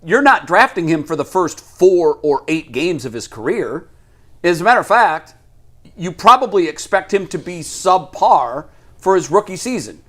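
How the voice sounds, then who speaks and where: A man on a sports talk show argues his point with easy confidence. His voice sits a little high, and he often lets out a short laugh at his own remarks. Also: sing-song, normal speed, fairly bright tone. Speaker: sports radio co-host.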